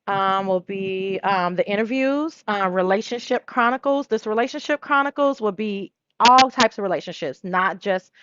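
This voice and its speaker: A woman's voice: on the high side, animated, a bit bright, dry recording. Female talk host, chatty and loose, prone to mimicking people; lo-fi dry recording. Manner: chatty, drops into quick impressions of people. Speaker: show host. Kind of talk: casual solo chat.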